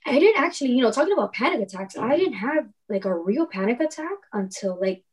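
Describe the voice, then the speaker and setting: A woman's voice: on the high side, sing-song, fast, crowd noise. A young adult woman telling stories in casual conversation as a podcast guest, laughing often and acting out quoted dialogue.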